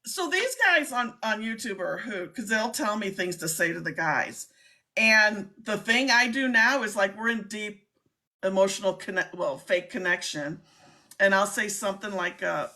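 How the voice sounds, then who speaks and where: A middle-aged woman hosting a casual live-stream chat, talking in an excitable, chatty way. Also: medium pitch, normal speed. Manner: chatty, excitable, laughs often. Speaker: host, scam baiter.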